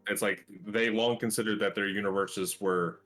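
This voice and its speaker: Low-voiced enthusiastic male guest. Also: steady tone, fairly bright tone, soft background music. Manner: quick, enthusiastic, run-on sentences. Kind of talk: casual chat.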